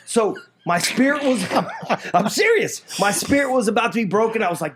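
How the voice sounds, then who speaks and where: A middle-aged man from Florida recounts his past in a loose, rambling interview style. His voice sits high for a man, and he leaps into other people's lines with raised, animated delivery, often stumbling and restarting mid-sentence. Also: quick pace. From Florida, United States. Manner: frequent restarts and repeated words. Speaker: guest telling his life story. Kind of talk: casual storytelling.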